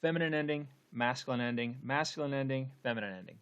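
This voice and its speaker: A man's voice: medium pitch, fast talker, fairly bright tone, clear, resonant tone, lo-fi sound. A man explaining a poem in a casual lecture, with frequent fillers and checks like "okay?". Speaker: teacher.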